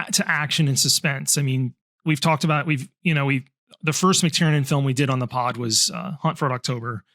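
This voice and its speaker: A man's voice: mid-range voice, a bit bright, no echo, studio quality. A man co-hosting a film podcast, talking enthusiastically and explaining background at length in casual chat. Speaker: podcast co-host.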